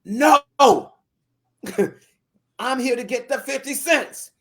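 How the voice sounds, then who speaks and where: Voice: mid-range voice, expressive, slow pace, darkish tone. A storyteller voicing a stubborn little girl. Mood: defiant. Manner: sweet small voice. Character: stubborn little girl, eight or nine, polite.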